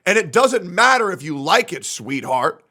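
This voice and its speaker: A man's voice: sits high, big pitch swings, normal speed, sharp tone. A young man streaming a reaction, talking casually and bluntly, swearing often and ranting heatedly about a game.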